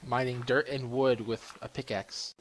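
A man giving excitable commentary while playing a game, exclaiming and laughing often. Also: mid-range voice, measured pace, slight background noise. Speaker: gaming channel host.

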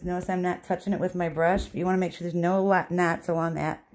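A dog groomer talks fast in a fairly low, slightly mellow voice with flat delivery, explaining her hands-on tutorial and chatting reassuringly to the dog. Her indoor grooming room is echoey, with faint noise behind her.

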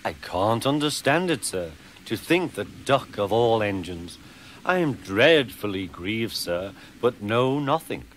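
A man's voice: lowish voice, big pitch swings, takes it slowly, slight background noise. A man voicing a sly, scheming male diesel engine in a storybook reading, sounding oily and falsely innocent.

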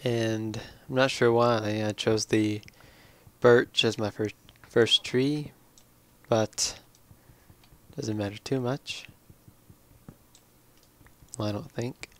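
Slow, sleepy young man gaming. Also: fairly low pitch, steady tone. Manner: slow, drowsy, rambling. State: tired, yawning. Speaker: let's play gamer. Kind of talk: casual game commentary.

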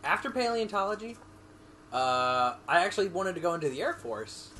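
A man's voice: high-pitched, big pitch swings, normal speed, bright, forceful tone, slight background noise. A man co-hosting a game video, chatting casually and laughing along with friends. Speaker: let's play co-host. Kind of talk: casual chat over gameplay.

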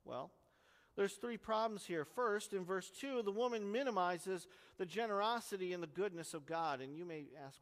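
High-voiced man preaching in a reverberant church. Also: moderate pace. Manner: earnest, explanatory teaching with strong emphasis. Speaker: pastor. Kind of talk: expository sermon.

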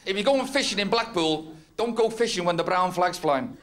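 A man's voice: high voice, expressive, moderate pace. Man, from North West England, stand-up comedian, rambling, self-mocking, noisy old club recording. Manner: rambling, self-mocking, laughing at his own jokes. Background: audience laughter.

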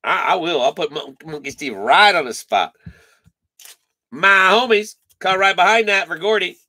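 A man's voice: high-pitched, normal speed, bright, forceful tone. A man hosting a live card break stream, chatting casually, reading off names and teasing his viewers.

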